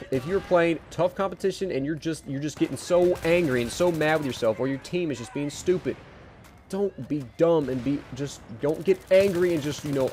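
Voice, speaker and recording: A man's voice: medium pitch, darkish tone, slight background noise. Young guy chatting thru his match, rambly, lots of uh and like, faint gunfire behind. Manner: rambling, with many restarts and fillers. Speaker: gaming video creator. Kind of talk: casual gameplay commentary.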